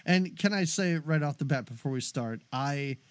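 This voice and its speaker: A man's voice: a little high, moderate pace. A man co-hosting a movie podcast, chatting casually and joking with frequent laughs. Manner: animated, jokey, laughs often. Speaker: podcast co-host.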